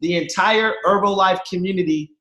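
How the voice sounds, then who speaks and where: A man's voice: high-pitched, moderate pace. A man in his thirties telling jokey, slangy stories to a team on a video call and talking straight to his listeners. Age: 30s. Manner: lively, slangy, jokey, addresses listeners directly. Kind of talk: animated storytelling to a group. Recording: echoey room over a video call.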